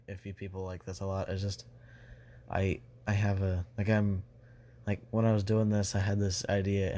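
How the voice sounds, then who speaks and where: A young man casually retelling a fan-made story, rambling and restarting with constant fillers. His voice sits low in pitch. A faint background noise runs under him. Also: darkish tone.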